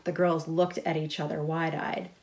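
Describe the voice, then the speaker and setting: A middle-aged woman reading her own picture book aloud, lively, with chatty asides about the pictures. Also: sits low, moderate pace, creaky, slight background noise. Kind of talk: storybook read-aloud.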